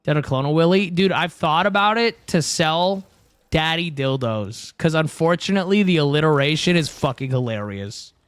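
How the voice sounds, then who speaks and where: A young man livestreams a game from home, chatting crudely, joking, and saying "dude" often into a close headset mic. His slightly high voice has lively intonation, a fairly bright, clear, resonant tone, and normal speed. The recording is dry.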